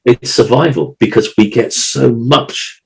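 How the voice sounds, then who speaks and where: A man's voice: mid-range voice, measured pace, creaky, rough recording. A man co-hosting a podcast, talking in an emotional, rambling way with many restarts and repeated words. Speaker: podcast co-host. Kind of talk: casual chat.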